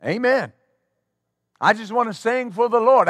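A male pastor preaching a sermon to his congregation in a church, talking conversationally and then breaking into loud exclamations. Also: sits high, very animated, measured pace, dry recording, studio quality. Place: church sanctuary before a congregation.

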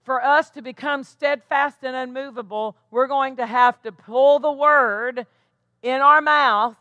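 An American woman pastor preaches a sermon, repeating phrases for emphasis and slowing down to stress the scripture she reads. Her voice sits high, steady and sharp, captured in a dry, lo-fi recording.

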